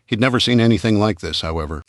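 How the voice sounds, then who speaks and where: A man narrating a disaster thriller audiobook in a steady, measured way. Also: fairly low pitch, no room sound, clean studio sound. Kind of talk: scripted narration.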